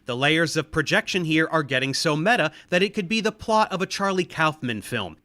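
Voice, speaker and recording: A man in an online debate who speaks with sarcastic, needling jabs. His voice is slightly high and strikingly bright and sharp. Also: animated, brisk. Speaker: debate participant. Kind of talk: argumentative talk.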